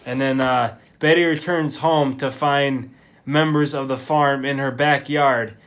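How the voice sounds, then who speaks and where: A man's voice: medium pitch, steady tone, a little slow, fairly bright tone. A man chatting casually as a podcast co-host, laid-back, summing up the plot between short agreeing replies. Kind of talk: casual chat recapping a TV episode.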